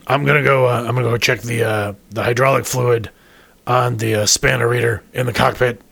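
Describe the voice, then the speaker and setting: A wary starship crewman who stammers and restarts his sentences, guarded about his family, as a man plays him in a tabletop game. His voice is gravelly and husky, recorded dry and close. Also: medium pitch, steady tone, fairly quick, a bit bright, no room sound, exaggerated voice. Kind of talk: tabletop role-play.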